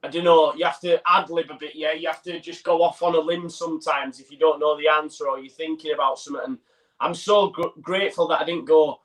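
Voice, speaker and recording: A man's voice: fairly high pitch, steady tone, quick pace, fairly bright tone, distant mic. A man co-hosting a football fan livestream, reading out viewer messages and chatting in a matey, laughing way. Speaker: co-host reading viewer comments. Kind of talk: casual live match chat. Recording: voice heard from off the mic.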